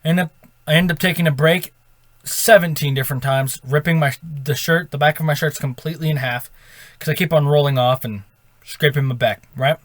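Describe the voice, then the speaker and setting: Rambling higher-voiced man telling a story. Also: steady tone, fairly quick, no room sound. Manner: rambling, with self-corrections and "right?" tag questions. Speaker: storytime vlogger.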